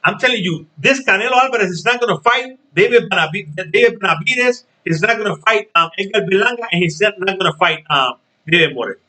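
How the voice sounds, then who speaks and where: A man hosts his own boxing vlog, talking casually and straight to his viewers. His voice sits a bit high and sounds bright and sharp. He hammers his points home by repeating them and checking in with "okay?". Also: lively intonation, fast talker, few pauses, poor audio. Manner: emphatic, repeats phrases and asks "okay?". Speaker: boxing channel host.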